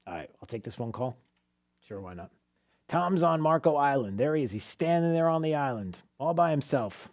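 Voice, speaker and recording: A man's voice: fairly high pitch, expressive, normal speed. A man hosting a talk radio show, rambling and laughing, often breaking off mid-sentence.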